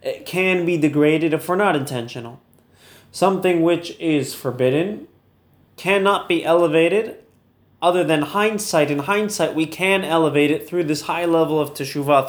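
A man's voice: fairly high pitch, normal speed. Chatty storytelling man in an echoey room. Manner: storytelling, chatty, laughs easily. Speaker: Torah teacher. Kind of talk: casual online Torah lesson.

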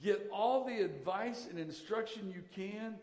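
Man, pastor, emphatic sermon, high voice, echoey church hall. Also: unhurried, darkish tone. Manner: emphatic preaching, repeats key lines.

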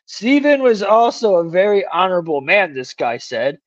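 Man co-host, slangy and jokey, reads news aloud, higher voice, dull lo-fi mic. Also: big pitch swings, normal speed, no room sound. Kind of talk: casual call-in talk show banter.

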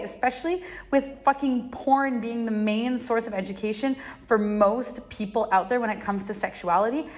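A young woman hosting a podcast, talking through a personal experience in a rambling, emotional way, full of filler words and swearing, her voice jumping high when she exclaims. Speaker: podcast host. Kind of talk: personal confessional talk.

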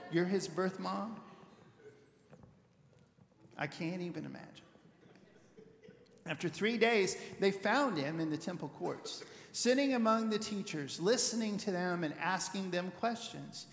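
Man, high voice, pastor, animated conversational sermon, stumbles and repeats words, echoey church hall with long reverb. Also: measured pace, vocal fry, long pauses. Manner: animated storyteller, repeats words while thinking.

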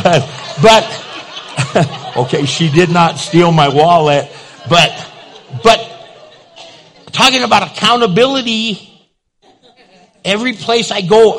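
An older man preaching a sermon as pastor, telling stories and acting out the people in them. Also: high-pitched. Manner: animated, acts out the people in his stories. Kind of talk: storytelling sermon.

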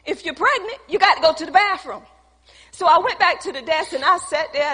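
A woman's voice: sits high, animated, normal speed, bright, forceful tone, big-room sound. A woman preaching a sermon, telling a personal story and talking to the congregation in a conversational, call-out way.

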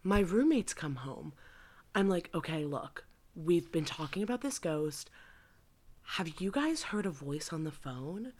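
Low-voiced woman telling stories casually. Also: lively intonation, a little slow, darkish tone. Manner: loose, profane storytelling. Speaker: podcast co-host. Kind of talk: casual chat.

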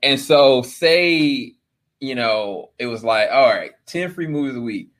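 An easygoing man in his thirties, chatting as a guest at a mid-range pitch. He reminisces loosely and often laughs mid-sentence. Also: lively intonation, a little slow, fairly bright tone. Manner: easygoing, laughs while talking. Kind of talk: casual chat.

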